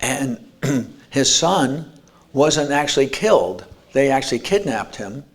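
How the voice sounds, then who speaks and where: A man's voice: mid-range voice, expressive, takes it slowly. A man giving an earnest motivational talk at an expo, telling stories and restarting words. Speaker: speaker. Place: expo lecture room.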